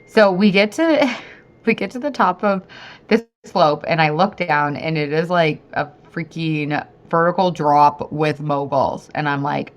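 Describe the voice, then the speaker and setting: Chatty low-voiced woman podcaster. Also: measured pace. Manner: chatty, animated, lots of "like" and asides to listeners. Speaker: podcast host and weight-loss coach. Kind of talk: casual storytelling monologue.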